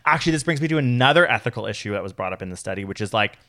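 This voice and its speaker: A man's voice: on the low side, rapid-fire. A young man co-hosting a podcast, talking casually with lots of fillers and tangents. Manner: rambling, filler-heavy, animated asides. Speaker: podcast co-host. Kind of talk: casual chat.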